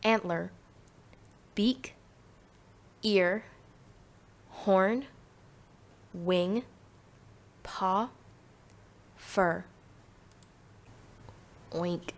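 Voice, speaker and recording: Very slow, careful woman reading words. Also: medium pitch. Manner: slow, careful, one word at a time with pauses. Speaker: flashcard pronunciation reader. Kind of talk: reading single words for young learners.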